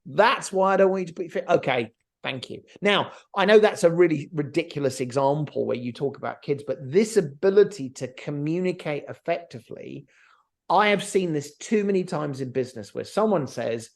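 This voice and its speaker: Gravelly middle-aged man, animated. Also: on the high side, normal speed. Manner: animated, acts out quotes of others. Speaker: podcast co-host. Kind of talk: casual discussion.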